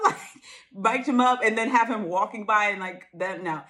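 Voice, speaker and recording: A woman's voice: medium pitch, normal speed, sharp tone. A woman co-hosting a podcast, gossiping playfully about reality TV with frequent exclamations. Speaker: podcast co-host. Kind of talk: casual reality-TV recap chat.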